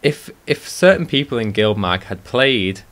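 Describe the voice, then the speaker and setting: A man co-hosting a podcast, relaxed and teasing as he gives his views on a game update. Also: lowish voice, measured pace. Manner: laid-back and teasing, laughs easily. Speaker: podcast co-host. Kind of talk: casual podcast chat.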